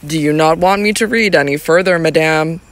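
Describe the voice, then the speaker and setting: A devoted young gentleman, obedient yet bitter, as a male narrator reads him. The voice is high and close, with no room around it. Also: brisk, dry recording, close to an everyday voice. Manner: submissive, bitter.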